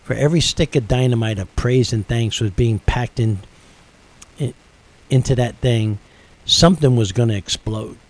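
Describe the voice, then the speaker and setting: A man's voice: medium pitch, normal speed, rough recording. A middle-aged man hosting a radio show, earnestly telling a personal faith story with building intensity.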